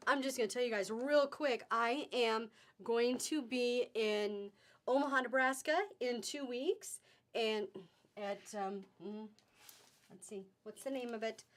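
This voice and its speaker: A woman hosting a live-streamed fabric sale, chatting casually and upbeat, greeting viewers by name as she goes. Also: fairly high pitch.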